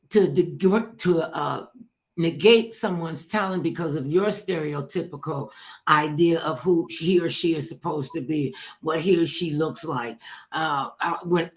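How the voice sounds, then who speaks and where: Host: older woman with a lowish voice, blunt and emphatic, jokes her way through stories in an easygoing chat. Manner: emphatic, blunt, jokey storyteller. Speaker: talk show host. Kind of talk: casual storytelling chat.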